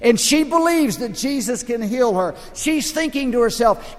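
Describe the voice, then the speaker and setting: An older man preaching a sermon as the pastor, telling stories dramatically and swinging between loud and hushed. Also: very high-pitched, lively intonation, normal speed, hardly any pauses, in a large hall.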